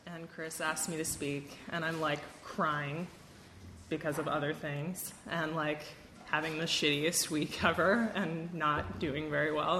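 A woman's voice: deep voice, fairly even intonation, a little slow, sharp tone, reverberant, a little hiss or hum. A young woman from Wisconsin giving a candid, self-deprecating personal testimony at a recovery meeting, with a lot of fillers and laughter.

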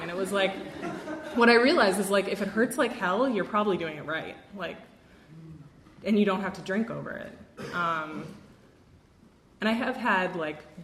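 A young woman with a lowish, fairly bright voice tells her own recovery story at a meeting, speaking candidly in a casual, self-mocking way full of fillers. The room is echoey, with faint background noise.

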